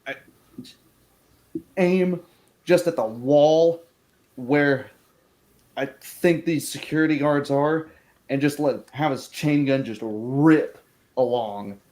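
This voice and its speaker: A man's voice: fairly high pitch, slow, long pauses, darkish tone. A man playing a tabletop sci-fi game, describing his character's actions casually and swearing now and then. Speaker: player.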